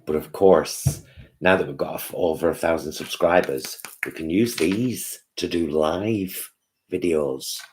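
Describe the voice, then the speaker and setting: A man's voice: low voice, measured pace, darkish tone, a little hiss or hum. A man hosting a casual live-stream chat, chatty and answering viewers' comments by name.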